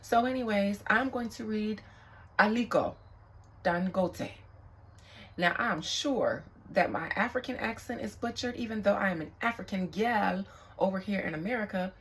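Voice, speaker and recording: A young woman speaking as a psychic reader in a casual, candid vlog monologue, reflective and quick to swear. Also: mid-range voice, expressive, rough recording.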